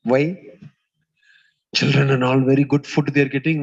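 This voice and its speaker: A man giving a spiritual talk as a swami, telling stories in a community hall and pausing with "uh" as he goes. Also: medium pitch, little pitch movement, gravelly, highs cut off. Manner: storytelling, acts out quoted voices, pauses with "uh". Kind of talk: sermon.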